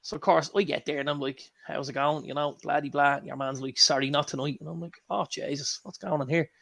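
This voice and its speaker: An Irish man co-hosting a casual chat show, telling lively anecdotes and swearing freely. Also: fairly high pitch, quick pace, gravelly. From Ireland. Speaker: co-host.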